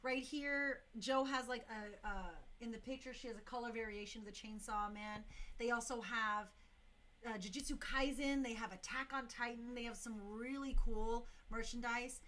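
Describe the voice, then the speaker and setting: A woman's voice: on the high side, steady tone, moderate pace, fairly bright tone. A young woman hosting a casual talk show for a dance crew. She talks in an enthusiastic, chatty way, full of slang and fillers.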